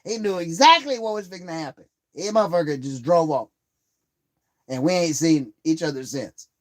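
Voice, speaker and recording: Man, live-stream storyteller, higher-pitched voice, swears constantly, rambling, worked up. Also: animated, normal speed. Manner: heated and worked up while retelling a grievance.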